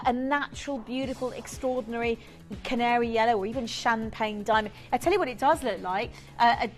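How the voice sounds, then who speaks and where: A woman hosts a live televised jewellery auction, her fairly high voice full of breathless enthusiasm as she praises the gems and rattles off the names of bidders. Soft music plays beneath her in the studio. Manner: rapid excited sales patter, gushing over gems; reels off bidder names and congratulations. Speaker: shopping channel presenter.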